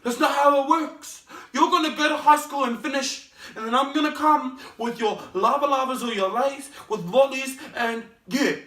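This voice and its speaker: A man putting on an exasperated parent scolding their son, in an exaggerated high voice with a New Zealand accent. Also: moderate pace, hardly any pauses, pushed and bright. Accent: put-on New Zealand. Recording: roomy, mic at a distance.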